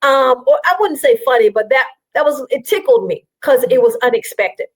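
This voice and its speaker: A woman from South Carolina, a guest on an interview show, telling her story in an animated, chatty way with frequent fillers. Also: high voice, moderate pace, low-quality recording.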